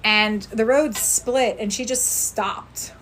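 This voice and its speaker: A woman speaking in a slightly high voice, earnest and motivational, on a casual livestream. She talks outdoors into a phone and thanks viewers by name as she goes. A faint outdoor hum sits behind her. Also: fairly even intonation, takes it slowly, fairly bright tone. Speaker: spirit medium on a livestream.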